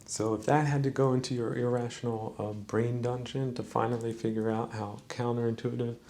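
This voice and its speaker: A man hosting a podcast, musing in a slow, preachy mock-sermon monologue with a gravelly voice. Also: fairly low pitch, darkish tone, a little hiss or hum. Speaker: podcast host. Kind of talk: rambling comedic monologue.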